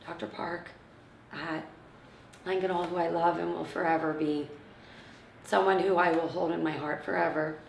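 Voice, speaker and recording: A woman in her thirties tells an emotional personal story, acting out the words of the people around her and sinking to a hushed near-whisper at times. Her voice sits low with a gravelly edge, heard from a little way off in a roomy space. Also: fairly even intonation, moderate pace, long pauses, slight background noise. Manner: acts out others' words, often drops to a hushed near-whisper. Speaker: interviewee, mother of premature twins. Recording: roomy, from a distance.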